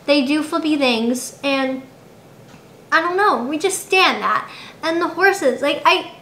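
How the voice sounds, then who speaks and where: A woman's voice: high voice, takes it slowly, bright, forceful tone, slight background noise. A young woman vlogging at home, chatting to the camera in a dramatic, giggly way. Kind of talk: casual chat to camera. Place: indoors at home. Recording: roomy home recording.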